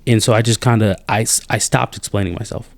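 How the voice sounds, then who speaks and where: A man hosting a podcast, venting in an animated, exasperated way with many restarts. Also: lowish voice, fast, no echo. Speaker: podcast host. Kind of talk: casual chat.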